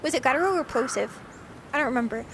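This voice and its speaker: A woman's voice: sits high, lively intonation, quick pace, a bit bright, slight background noise. A woman streamer chatting casually with her live chat, giggly and talkative, answering questions as she goes.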